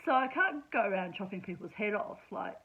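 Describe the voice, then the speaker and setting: A woman's voice: medium pitch, expressive, a little fast, husky, lo-fi sound. A woman telling a personal story in a casual monologue, chatty and sarcastic, laughing often. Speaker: vlogger.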